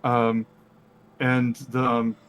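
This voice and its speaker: A man narrates a tabletop game as its game master. He rambles, stopping and restarting often, at an ordinary middle pitch. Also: monotone, drawn-out words, fairly bright tone, slight background noise. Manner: rambling, many fillers and restarts.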